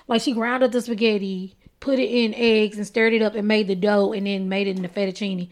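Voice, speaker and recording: A woman's voice: medium pitch, fairly even intonation, brisk, few pauses. A woman co-hosting a podcast in casual chat, blunt, profane and opinionated. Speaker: podcast co-host.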